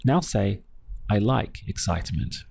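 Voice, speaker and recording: A man with a fairly low voice leads a language lesson at a very unhurried pace, pausing to quiz the listener. The sound is dry and close, with no room echo. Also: animated, creaky, darkish tone, husky. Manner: patient, quizzing the listener and modeling words slowly. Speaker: Spanish teacher. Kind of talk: slow, deliberate language lesson.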